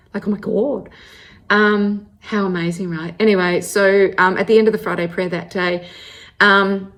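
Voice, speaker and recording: An Australian woman in her forties tells her personal story as the host, talking in a lively, conversational way. She stops and starts often, fills pauses with little ums, and keeps the telling casual and open. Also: medium pitch. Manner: animated, chatty, many fillers and restarts.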